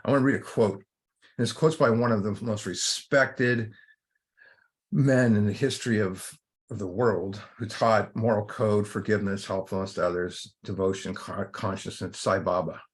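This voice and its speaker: A man's voice: on the low side, fairly even intonation, moderate pace. A man leading a recovery workshop, giving an informal spiritual talk in a rambling way, full of fillers and restarts.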